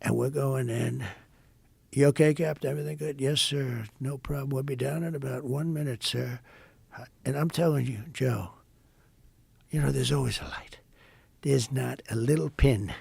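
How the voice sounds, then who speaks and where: An older man from the United States, a podcast guest, telling a rambling, repetitive story and acting out quoted dialogue in a hushed voice. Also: mid-range voice, moderate pace, gravelly, husky, no room sound. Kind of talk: casual storytelling in an interview.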